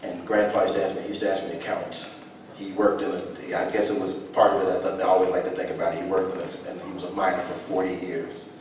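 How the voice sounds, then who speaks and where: A man performing a live spoken-word reading on a theater stage, reflective and halting, often starting over mid-thought. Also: low voice, monotone, darkish tone, a little hiss or hum. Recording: echoey hall from far off.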